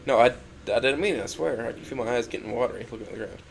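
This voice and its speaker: Gravelly man reading an emotional story. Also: medium pitch, fast talker, slight background noise. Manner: emotional, swings from hurt to shouting anger. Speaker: narrator. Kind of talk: first-person dramatic story reading.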